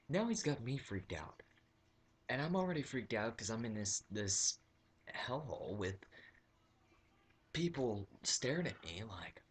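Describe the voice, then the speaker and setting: Brief: low-voiced young guy, rambling comic anecdote, plenty of ums and restarts. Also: very animated, normal speed, slight background noise. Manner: rambling, full of fillers and restarts. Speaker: vlogger. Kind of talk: comic storytelling.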